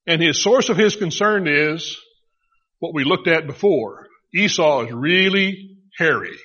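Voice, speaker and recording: Husky, bright-voiced male preacher. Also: fairly high pitch, measured pace. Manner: conversational storytelling, animated retelling. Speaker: pastor. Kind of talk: sermon. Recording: dull lo-fi recording.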